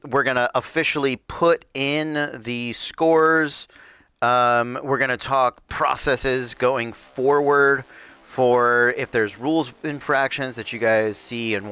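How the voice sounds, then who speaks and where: A man hosting a live tabletop game stream and reviewing rules, relaxed and rambling, with fillers and restarts. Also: medium pitch, clean tone, no room sound. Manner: says he has his announcer voice on. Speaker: host and game master of a PvP league stream. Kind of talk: livestream talk, reviewing rules. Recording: faint background music.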